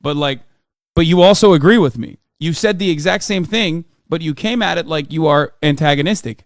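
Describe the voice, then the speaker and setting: A man's voice: fairly high pitch, brisk, dry recording, clean studio sound. Exasperated profane streamer, a man. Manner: profane, emphatic, exasperated, rambling with many restarts. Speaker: livestreamer reacting to clips. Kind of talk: casual livestream rant.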